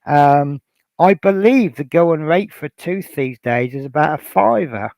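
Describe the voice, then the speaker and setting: A livestream host from Norfolk, England, rambles through a casual hobby stream, reading chat messages aloud with plenty of fillers. His voice is fairly high, gravelly and darkish, with lively intonation and a slightly slow delivery, recorded with no echo.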